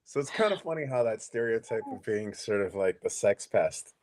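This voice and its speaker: A man's voice: lowish voice, animated, normal speed, darkish tone. A man in his forties co-hosting a podcast in casual chat, laid-back, laughing often and swearing casually. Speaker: podcast co-host.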